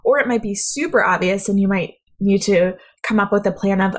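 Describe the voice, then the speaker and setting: A woman's voice: mid-range voice, a little fast, few pauses. A woman giving an instructional talk as a speaking coach, conversational and addressing the listener directly with practical advice.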